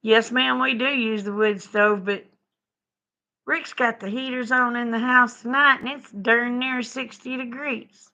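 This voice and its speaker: A middle-aged woman with a drawl chats with her viewers from home, folksy and laughing easily. Her voice sits high and sounds bright and forceful. The stream audio is dull and lo-fi. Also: fairly even intonation, unhurried. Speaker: live stream host. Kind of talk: casual chat with viewers. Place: home, indoors.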